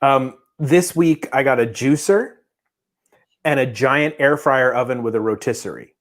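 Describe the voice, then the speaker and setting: A man's voice: medium pitch, unhurried. A man co-hosting a podcast in casual, joking chat, telling playful stories. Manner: jokey, playful storytelling. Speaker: podcast co-host.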